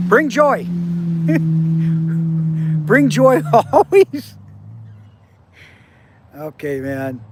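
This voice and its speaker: A man's voice: a little high, background noise. A man in his seventies talking casually to viewers on a livestream, blunt and profane, handing out life advice. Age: 70s. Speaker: livestream host.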